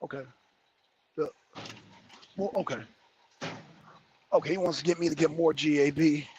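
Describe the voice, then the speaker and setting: Chatting on a livestream from the cab of his heavy truck, a driver rambles, jokes, and answers comments between remarks about the road. His fairly high, slightly mellow voice has fairly even intonation and a moderate pace, with a little hiss or hum in the recording.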